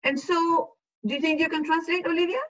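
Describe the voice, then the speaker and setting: A Spanish-speaking woman teaching an online class, explaining slowly and patiently and checking often that students follow. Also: extremely high pitch, steady tone, a bit bright. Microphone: video call. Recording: dull lo-fi video call audio.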